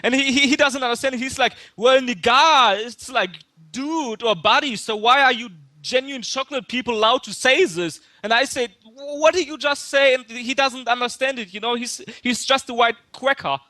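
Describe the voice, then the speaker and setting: A man's voice: extremely high pitch, normal speed, few pauses, bright, forceful tone, no room sound. A man putting on a nervous young male student caller with a fake German accent, stammering and repeating his words. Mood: flustered. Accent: put-on German. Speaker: prank caller. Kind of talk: prank call-in.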